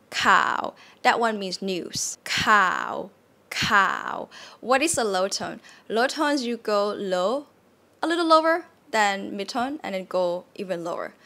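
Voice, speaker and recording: A woman with a Thai accent gives a casual online lesson and keeps saying words over and over to show each tone. Her voice is bright and clear and sits at an ordinary pitch. She talks in a chatty, relaxed way with plenty of fillers. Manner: demonstrates tones by repeating words, chatty with many fillers. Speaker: Thai language teacher.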